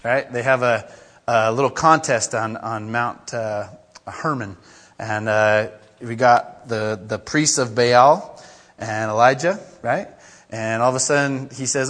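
A man's voice: medium pitch, steady tone, measured pace, a bit bright. Casual man preaching in a reverberant hall. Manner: conversational, chatty, with frequent fillers and asides; reads scripture aloud. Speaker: pastor. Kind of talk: casual sermon.

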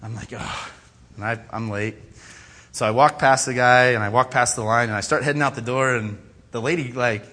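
A man delivering an animated sermon, his voice bright and forceful. He tells stories that poke fun at himself and acts out the people he quotes in their own voices. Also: mid-range voice, brisk. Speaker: pastor. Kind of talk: storytelling sermon.

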